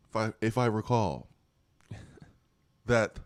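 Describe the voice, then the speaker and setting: A man's voice: low voice, expressive, normal speed, long pauses, dry recording, clean studio sound. A man co-hosting a sports radio show, playful and laughing often, repeating catchphrases. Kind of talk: casual sports talk chat.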